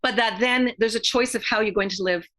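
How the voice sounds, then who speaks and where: A middle-aged woman, a yoga therapist talking as a podcast guest in an earnest, heartfelt way, often pausing and restarting her sentences. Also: fairly high pitch, fairly bright tone. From Quebec, Canada. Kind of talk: reflective podcast interview talk.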